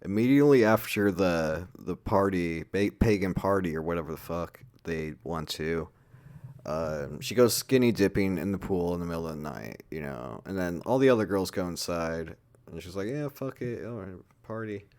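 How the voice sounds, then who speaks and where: A man's voice: low voice, expressive, moderate pace, darkish tone, smooth. A man giving a casual, rambling movie review, full of swearing and filler words.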